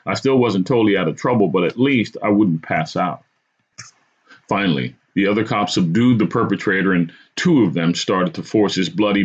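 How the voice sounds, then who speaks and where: A man's voice: deep voice, husky. A man hosting a podcast, telling a true story from his own life in a dramatic first-person style. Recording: dull lo-fi recording.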